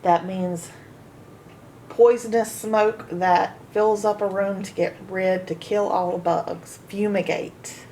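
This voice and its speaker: A woman teaching a phonics lesson to children, sounding out each word slowly, syllable by syllable. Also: mid-range voice, steady tone, warm tone, a little hiss or hum. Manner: slow, sounding out syllables one by one. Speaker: reading teacher.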